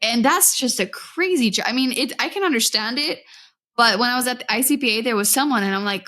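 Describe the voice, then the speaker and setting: American woman, podcast host, bright and a bit high-pitched, chatty and easily sidetracked. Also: a little fast. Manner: chatty, laughs often, loses her thread. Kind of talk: casual news chat.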